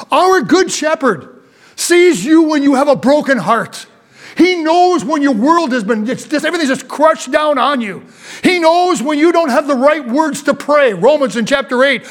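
Male pastor, high-pitched, sermon delivery: reads scripture, then preaches with sudden hushed drops. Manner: swings between fervent emphasis and hushed, slow asides; reads old scripture wording aloud, then explains it plainly.

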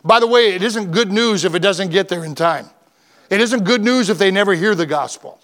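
Male pastor, high-pitched, fervent and emphatic, sermon delivery with repeated lists. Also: a little fast, fairly bright tone. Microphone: church microphone, broadcast on radio.

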